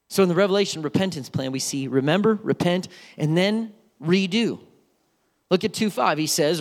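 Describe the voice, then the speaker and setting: A man preaching a sermon as pastor, animated and playful, with storytelling asides. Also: sits high, a little fast. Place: church sanctuary.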